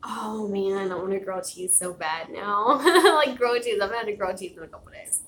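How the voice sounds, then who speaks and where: A woman's voice: medium pitch, fairly even intonation, a little fast, fairly bright tone. A woman chatting casually on a home livestream, rambling and laughing often, growing tired and out of breath. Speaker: livestream host. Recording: echoey room with faint noise.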